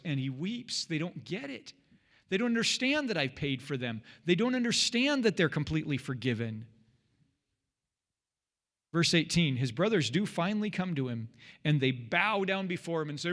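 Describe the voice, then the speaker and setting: Earnest pastor man, slightly high voice. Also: animated, moderate pace, fairly bright tone, big-room sound. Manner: earnest, conversational, often repeats himself. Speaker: pastor leading Bible study. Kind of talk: teaching sermon.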